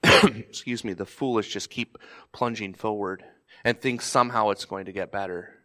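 A man, a pastor, preaching a sermon in a conversational way, now and then acting out pleading voices in a sharply raised pitch. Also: steady tone, moderate pace, fairly bright tone.

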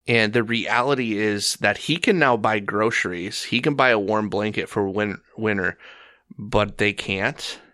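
A man talking through scripture in a relaxed conversation, with a somewhat low but bright, forceful voice. He tells his stories with animation and jumps into the voices of the people he quotes. The sound is close and dry. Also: no echo. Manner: animated storyteller, acts out quotes. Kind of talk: casual faith discussion.

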